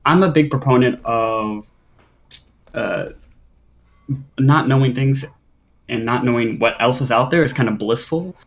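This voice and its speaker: A man's voice: medium pitch, a little slow, pauses often. A man in his twenties calling in to a dating show, earnest and rambling at length. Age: 20s. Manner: rambling, earnest, long-winded. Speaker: caller. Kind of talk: call-in question.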